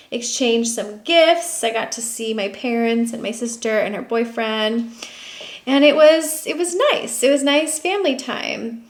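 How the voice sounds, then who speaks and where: A young woman vlogging casually at home, chatty and self-narrating, at times bursting into high excited squeals. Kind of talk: casual vlog chat. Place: home living room with Christmas tree.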